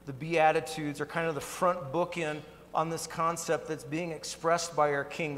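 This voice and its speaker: This man, a pastor, preaches a sermon in a church sanctuary with an earnest, conversational delivery. His pitch is fairly high and his tone fairly bright. The recording carries a long hall reverb plus a little hiss or hum.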